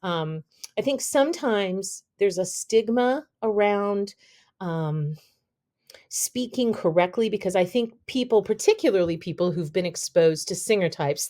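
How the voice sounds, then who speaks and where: Speaking a little slowly with a mellow, medium-pitched voice and lively intonation, a vocal health expert guests on a podcast. She walks through speaking habits, acting out voices as examples and asking "okay?" often.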